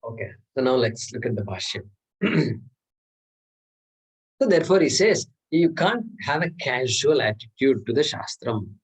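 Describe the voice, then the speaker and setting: A man's voice: medium pitch, lively intonation, unhurried, breathy edge, poor audio. A man, teaching a scripture class and explaining terms patiently, repeating words and chuckling often. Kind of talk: class lecture.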